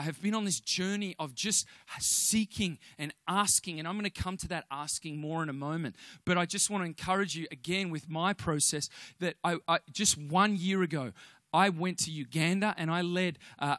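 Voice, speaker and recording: A man preaching in church, telling a personal story in an animated way. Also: on the high side, no room sound, studio quality. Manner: animated storytelling, acts out voices, restarts often.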